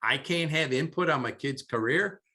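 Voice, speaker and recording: A man's voice: on the high side, moderate pace, pushed and bright. A man co-hosting a casual chat, grumbling and opinionated about how things are now.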